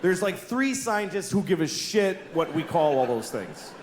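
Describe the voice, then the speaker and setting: An exasperated middle-aged comedian working through a stand-up routine, his fairly high voice leaping all over the place. He is heard live on a handheld mic in an echoing venue, with steady room noise behind him. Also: moderate pace. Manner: exasperated, acts out voices in wild jumps. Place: comedy stage in a large venue with audience.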